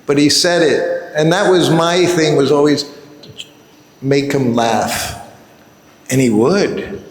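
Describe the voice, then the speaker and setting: A man's voice: fairly high pitch, steady tone, slow pace. A man in his seventies giving a religious class, telling a personal story and chuckling often. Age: 70s. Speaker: devotee giving a scripture class. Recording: echoey hall with long reverb.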